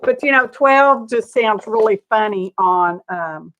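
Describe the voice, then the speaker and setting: A woman's voice: fairly high pitch, lively intonation, unhurried, a bit bright. An older woman, chatty and gushing, hosting a live craft show-and-tell from her studio. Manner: chatty and gushing, greets viewers by name, frequent laughs. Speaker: craft channel host.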